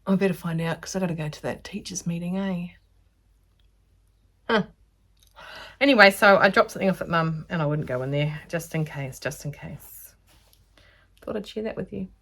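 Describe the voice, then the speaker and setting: An Australian woman teaches sewing in a casual, chatty tutorial vlog, rambling from topic to topic with a self-aware air. Her voice is fairly low and fairly bright, at normal speed with frequent pauses.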